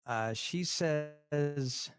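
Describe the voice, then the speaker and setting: A man's voice: a little high, very slow. A man working on a radio show, talking offhand and reading listener texts aloud. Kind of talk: casual radio chat.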